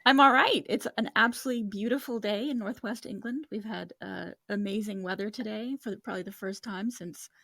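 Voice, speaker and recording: An American woman from Boston chats casually as an interview guest over a video call. She sounds wry and easygoing and slips in dry asides. Her voice sits at a middle pitch and comes through close and dry, with no room echo. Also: brisk, few pauses, a bit bright. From Boston, Massachusetts. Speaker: author and guest.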